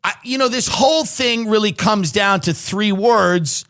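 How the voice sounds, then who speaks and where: A man's voice: sits high, measured pace, fairly bright tone. A man hosting a casual comedy podcast, rambling and reading news quotes aloud with dry sarcasm. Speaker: podcast host.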